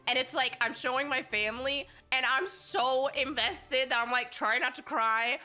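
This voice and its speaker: Bright-voiced woman streamer with a cold. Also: high-pitched, fairly even intonation, moderate pace. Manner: rambling, candid storytelling. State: has a cold. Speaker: gaming streamer. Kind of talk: casual chat while streaming a game.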